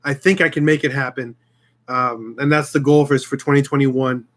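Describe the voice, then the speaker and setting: A man with a mid-range, steady voice talks at a normal speed while hosting his own YouTube channel. In a casual live-stream chat, he speaks warmly and from the heart to his viewers, rambling, getting emotional, and restarting his sentences often.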